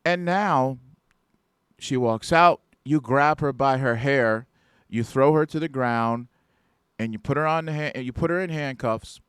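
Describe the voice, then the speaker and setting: A man's voice: mid-range voice, unhurried, a bit bright, clean tone, dry recording, clean studio sound. A man hosting an instructional podcast about security guard duties, talking conversationally and often checking in with "right?". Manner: conversational, keeps asking "right?". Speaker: podcast host and security trainer.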